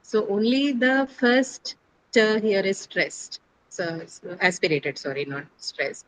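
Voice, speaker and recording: A woman teaching pronunciation in a classroom. She explains step by step, quizzes her students, stops to correct herself and often pauses on fillers. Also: medium pitch, fairly even intonation, low-quality recording.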